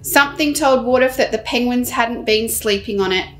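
High-voiced woman reading to children. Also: moderate pace, soft background music. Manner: animated and expressive. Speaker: children's TV presenter.

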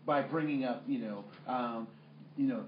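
A man's voice: mid-range voice, a little slow, slight background noise. A man leading a workplace training workshop in a conversational way with many fillers, asking the room questions. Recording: echoey room, muffled sound.

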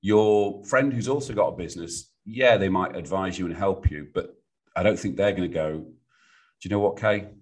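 A middle-aged British man, a guest on a business podcast, telling stories in a lively way and acting out what clients say. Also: sits low, moderate pace. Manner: animated storyteller, acts out clients' voices. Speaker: business sounding board.

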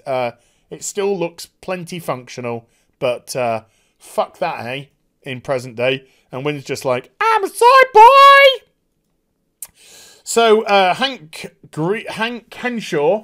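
A man giving a casual, animated and profane TV episode review. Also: a little high. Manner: animated, profane, quick impressions. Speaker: TV show reviewer.

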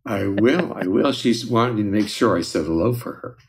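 A man speaking as a guest scientist, earnest and measured in reflective interview talk. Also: fairly low pitch, animated.

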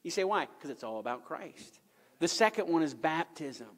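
A man preaches a sermon from the pulpit, his voice sitting unusually high for a man. He drives his points home with emphatic repetition and rhetorical questions. His words ring out with a long echo through the church sanctuary. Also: expressive, moderate pace. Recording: echoey church hall.

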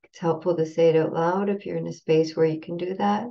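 A woman teaching meditation, speaking slowly and calmly as she leads a recitation. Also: fairly low pitch, highs cut off. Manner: slow, calm, leading a recitation. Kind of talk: guided meditation chanting.

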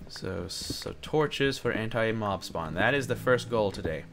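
A young man hosting a gaming video talks through a Let's Play in a lowish, creaky voice with lively intonation, going a little slow. He rambles, gets jumpy, and yelps at monsters that jump him, with noise behind him.

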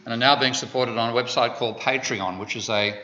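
A man's voice: medium pitch, fairly even intonation, fairly quick, pushed and bright. An Australian man giving an economics lecture, digressive and full of wry asides. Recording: dull lo-fi lecture recording.

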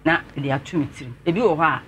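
A man's voice: on the high side, very fast, fairly bright tone, a little hiss or hum. Earnest Ghanaian man telling his story. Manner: earnest, respectfully addressing the host. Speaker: interview guest.

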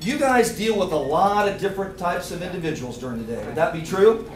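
A man giving a lively seminar talk, quizzing the audience and acting out little scenes. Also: high-pitched, fairly quick. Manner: energetic, quizzes the crowd, acts out little scenes. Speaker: seminar speaker. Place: meeting room with audience. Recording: echoey room, picked up from a distance.

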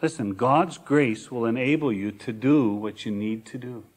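A male pastor preaching a sermon, reading scripture slowly and building to emphatic repeated phrases. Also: mid-range voice. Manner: preaching with rising emphatic repetition; reads scripture slowly and deliberately.

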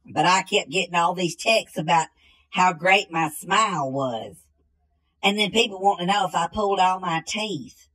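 A woman playing a slow-witted, bumbling country man in a comedy sketch, drawling and repeating the same catchphrase. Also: fairly low pitch, a bit bright, slightly rough, poor audio.

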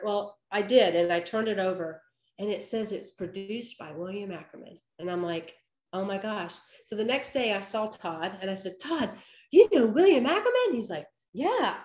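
A woman photographer giving a lively storytelling talk, acting out what people said to her. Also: mid-range voice. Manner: animated storyteller, acts out quoted voices. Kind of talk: storytelling presentation. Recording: roomy echo.

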